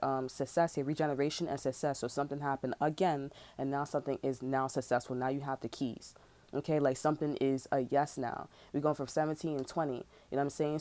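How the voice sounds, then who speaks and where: A woman giving a casual tarot reading, talking in loose slang with lots of "bro" and swearing, getting louder and more heated as she vents. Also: a bass voice. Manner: slangy, profane, repeats "bro", grows loud and heated. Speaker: tarot reader.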